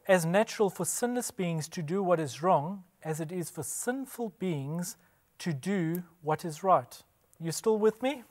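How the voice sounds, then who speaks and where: A man giving a scripted religious presentation, emphatic, posing rhetorical questions and answering them himself. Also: high-pitched. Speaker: Bible presenter.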